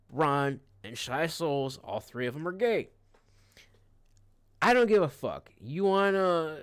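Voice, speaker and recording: A man's voice: a little high, clear, resonant tone, no echo, clean studio sound. Profane, rambling man ranting on stream. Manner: profane, rambling, irritated storytelling. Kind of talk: casual livestream rant.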